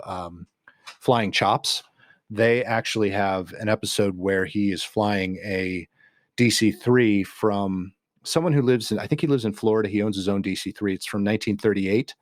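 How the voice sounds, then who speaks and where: A man with a low voice talks casually on a podcast. He tells stories in a relaxed way, with fillers and small restarts. The sound is dry and close. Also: dry recording. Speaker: podcast co-host. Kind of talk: casual chat.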